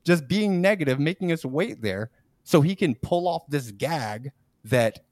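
Animated man telling a lively story. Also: fairly high pitch, a little slow, no echo, studio quality. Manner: animated, laughs often, acts out quoted people. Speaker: podcast host. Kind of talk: casual storytelling chat.

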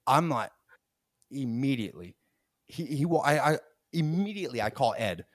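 Studio-quality and echo-free, this clip has a fortyish male podcast host speaking a little fast in a mid-range voice. Chatting casually about something from work, he acts out quotes, laughs as he goes and often restarts.

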